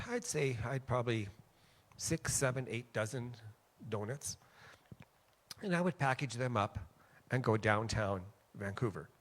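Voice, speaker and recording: A man from Western Canada gives a sermon in a church, chatty and story-driven. His voice sits at a mid pitch, and he lifts it with energy when he acts out other people's lines. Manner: conversational, animated when quoting others, frequent "okay?". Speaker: guest preacher. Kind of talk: sermon with personal stories. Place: church sanctuary.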